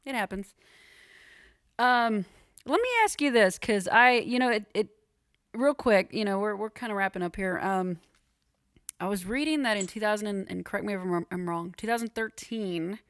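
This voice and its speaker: A woman, a veteran hosting a podcast, talks candidly and swears casually in a relaxed interview. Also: medium pitch, moderate pace, no room sound, clean studio sound.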